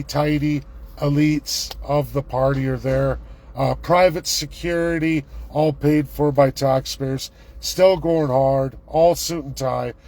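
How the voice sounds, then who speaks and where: A middle-aged man, live-vlogging from a city street on his phone, ranting and repeating excited exclamations. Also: a little high, rough recording. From Canada. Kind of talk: live street vlog commentary. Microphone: handheld phone camera.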